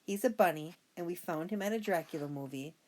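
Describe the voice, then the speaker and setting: A woman voicing a calm, firm mother in a storybook reading, gentle but decisive. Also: on the low side, fairly quick, lightly acted.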